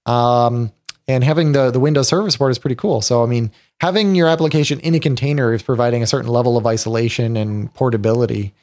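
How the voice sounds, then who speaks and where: Halting man hosting a tech podcast. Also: medium pitch, darkish tone. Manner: halting, many restarts, upbeat. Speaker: podcast host. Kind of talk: casual tech podcast chat.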